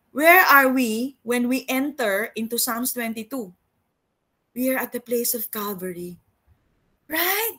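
Bright-voiced Filipino woman teaching Bible study. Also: on the high side, lively intonation, a little slow. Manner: mixes English with Tagalog, reads scripture aloud, earnest.

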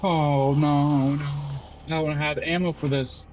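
Male let's-play commentator, jumpy and panicky, slightly high, dull lo-fi mic. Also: level tone, takes it slowly, slight background noise. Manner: jumpy, panicky yelps, self-talking, taunting. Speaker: gameplay commentator.

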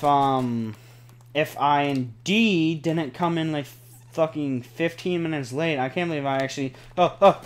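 A young man giving live gameplay commentary, excitable, cursing often and pleading with the game. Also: on the high side. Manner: excitable, swears a lot, pleads and groans at the game. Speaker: gaming channel host.

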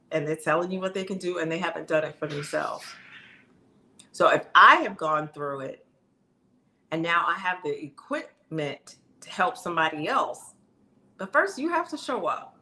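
Emphatic woman coach, bright voice. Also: lowish voice. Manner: emphatic, conversational, addresses viewers directly. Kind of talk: motivational casual talk.

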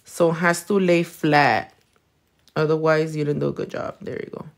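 Playful, foul-mouthed Californian woman, low voice. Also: fairly even intonation, normal speed. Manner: playful, swears freely, mixes in Spanish. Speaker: nail technician. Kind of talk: casual chat while working, reading comments.

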